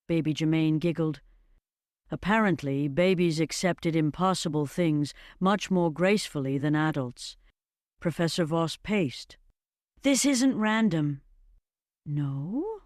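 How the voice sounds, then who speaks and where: Slow, measured storybook narrator. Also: mid-range voice, clear, resonant tone, no room sound, clean studio sound.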